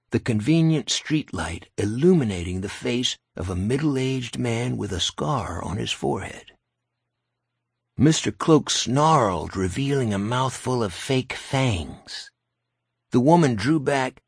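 A man's voice: medium pitch, slightly rough, no room sound. A man narrating an audiobook in a dry, wry storytelling manner, close to the mic. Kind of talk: scripted narration.

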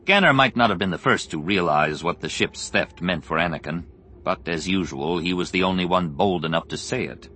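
A man narrating an audiobook in an expressive, measured storytelling voice, with music underneath. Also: low voice. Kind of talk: scripted narration.

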